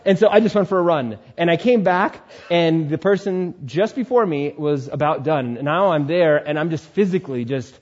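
A man with a slightly high voice tells his testimony in an animated, storytelling way, jumping up in pitch when he acts out a scene. The recording sounds muffled and lo-fi. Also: normal speed, hardly any pauses. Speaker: speaker sharing testimony. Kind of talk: testimony sermon.

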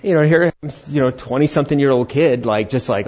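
Lively middle-aged pastor telling a story. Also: male voice, mid-range voice, fairly quick. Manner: animated, conversational, acts out dialogue. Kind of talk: personal story in a sermon. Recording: dull lo-fi recording.

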